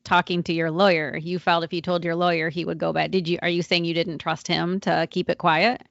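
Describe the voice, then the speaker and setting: Gravelly interview host, dry dull sound. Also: medium pitch, little pitch movement, brisk, a bit bright, no echo. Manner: probing, asks follow-ups to clarify. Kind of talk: casual interview questions.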